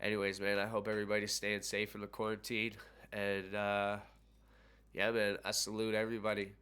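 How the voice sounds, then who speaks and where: A young man casually telling a personal story on his vlog, excited and swearing often. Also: lowish voice, brisk, smooth.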